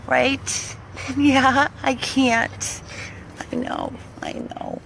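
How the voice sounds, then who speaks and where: High-voiced woman filming a dog rescue. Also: flat delivery, extremely slow, vocal fry, fairly bright tone, a little hiss or hum. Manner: coos to the dog in baby talk, then talks earnestly to viewers. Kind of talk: casual vlog, talking to camera and to a dog. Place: outdoors by a car, then inside the car.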